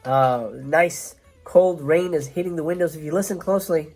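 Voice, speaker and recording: A man's voice: a little high, moderate pace, a little mellow, soft background music. A man hosting a casual film review show, talking in a chatty, rambling way with lots of fillers and restarts.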